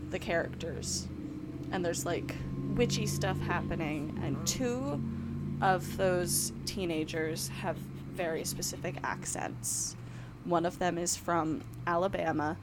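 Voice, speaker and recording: Chatty low-voiced woman, noisy recording. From New York. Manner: chatty, rambling, laughs often. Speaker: podcast co-host. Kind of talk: casual chat.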